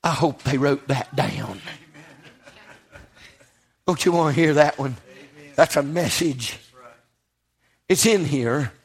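High-voiced fervent male preacher. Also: lively intonation, takes it slowly, creaky, long pauses, slightly rough. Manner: rising to fervent preaching, asking the congregation questions. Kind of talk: sermon. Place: church.

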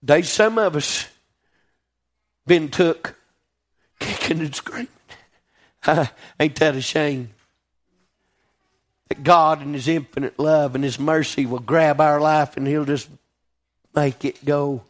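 A man preaching a sermon in a call-and-response style, often asking "Right?" and slowing down to stress scripture. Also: on the high side. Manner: rising to emphatic peaks, slowing on scripture.

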